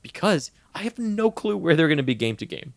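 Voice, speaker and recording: A man co-hosting a podcast in casual sports chat, animated, laughing often and tripping over his words. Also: a little high, a little fast, vocal fry, dry recording. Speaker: podcast co-host.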